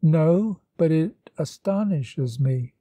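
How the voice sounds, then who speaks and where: A man reading the lines of an earnest young woman in a storybook, speaking plainly and gently. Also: on the high side, animated, takes it slowly, slightly rough, dry recording, exaggerated voice. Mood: tender.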